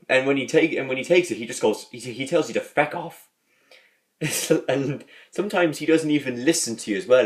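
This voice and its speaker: A man's voice: mid-range voice, lively intonation, a little fast. Rambling man chatting casually on a vlog. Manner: rambling, repeats words and restarts often. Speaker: video host reviewing a sitcom.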